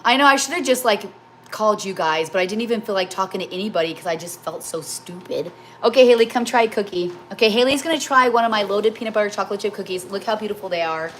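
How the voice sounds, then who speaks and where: A woman's voice: mid-range voice, fast, a little hiss or hum. A middle-aged woman chatting casually during a live cooking stream at home, telling a rambling, emotional story. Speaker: cooking livestream host. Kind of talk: casual chat while baking live.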